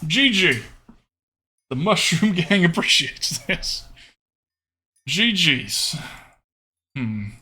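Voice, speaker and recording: A young man streaming a card game, his fairly high voice bright and edged, swinging widely in pitch. He talks casually through each move, thinking aloud with soft hums and doubled okays. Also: big pitch swings, extremely slow, long pauses, husky. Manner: thinks aloud with murmured hmms and repeated okays. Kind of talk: casual live gameplay commentary.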